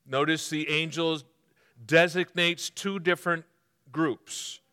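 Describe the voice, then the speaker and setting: A man's voice: a little high, steady tone, slow pace, sharp tone, clean tone, in a large hall. A man preaching a sermon as pastor, engaging the congregation by asking them to mark their notes and by answering his own quiz questions.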